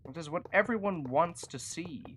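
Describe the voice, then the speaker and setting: A streamer talks through a building game in a loose, chatty live commentary, teasing themselves and the game along the way. The voice sits in a middle pitch and sounds close on a desk microphone. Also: expressive, normal speed, fairly bright tone, slight background noise. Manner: chatty, self-mocking and jokey. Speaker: gaming streamer. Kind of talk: casual live gameplay commentary.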